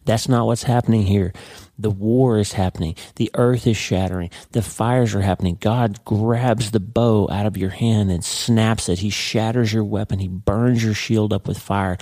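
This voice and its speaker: Low, mellow-voiced man preaching earnestly. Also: fairly even intonation, no echo, studio quality. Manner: earnest, emphatic, slows down for dramatic stress. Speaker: devotional podcast host. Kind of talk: devotional podcast teaching.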